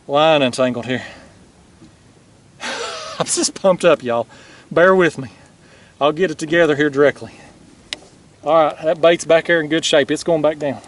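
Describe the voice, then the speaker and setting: A man's voice: on the high side, slight background noise. A man hosting a fishing vlog from his kayak, exclaiming and out of breath. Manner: excitable, exclaiming, drawn-out words. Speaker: fishing channel host. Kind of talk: excited outdoor vlog. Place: kayak on a lake outdoors.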